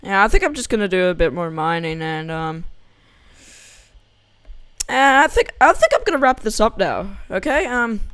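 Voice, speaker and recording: A rambling, giggly young gamer talking casually over gameplay. The voice is smooth and resonant, recorded close and dry on a desk mic. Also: medium pitch, sing-song, moderate pace, long pauses, fairly bright tone, no room sound. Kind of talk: casual gameplay commentary and joke telling.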